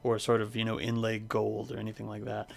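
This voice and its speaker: A man acting as game master, describing an online tabletop game scene haltingly, with many fillers. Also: lowish voice, monotone, gravelly. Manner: hesitant, filler-heavy description.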